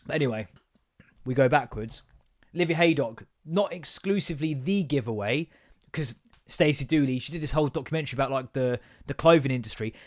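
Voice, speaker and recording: A man hosting a podcast, telling rambling, sweary stories in an animated, comedic monologue. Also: on the high side. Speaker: podcast host.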